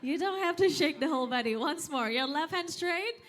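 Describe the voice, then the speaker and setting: In a hotel event hall, an angklung instructor runs a workshop for the audience, counting aloud and calling commands in a lively, coaxing manner. She's a young Indonesian woman from West Java who speaks Sundanese as her first language, and her voice sits high and moves fairly quickly.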